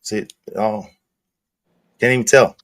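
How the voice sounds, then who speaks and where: A man's voice: on the low side, steady tone, measured pace, a bit bright, no room sound. A middle-aged man telling rambling, profane work stories in casual chat as a stream host. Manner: rambling, profane, laid-back.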